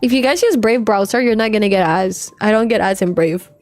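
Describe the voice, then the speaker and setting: A woman's voice: mid-range voice, fairly quick. A young woman from the Philippines, chatting casually and swearing freely while she streams a game. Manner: loose and chatty, swears freely, heavy use of filler "like". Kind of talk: casual livestream chat while gaming.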